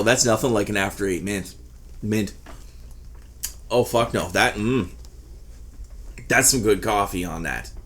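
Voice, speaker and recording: A man's voice: on the low side, a bit bright. A man giving a rambling, casual product review, swearing freely as he talks. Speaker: e-liquid reviewer.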